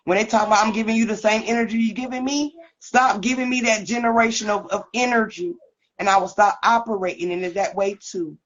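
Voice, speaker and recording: A woman's voice: medium pitch, steady tone, a little fast, dull audio. A woman hosting a podcast, chatting casually and pressing her point by repeating it. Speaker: podcast host.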